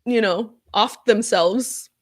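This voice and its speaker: A woman's voice: fairly high pitch, takes it slowly. A woman reacting on camera in a casual vlog, talking in an upset, heated way with lots of fillers, and reading viewer comments aloud. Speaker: comedian reacting to news.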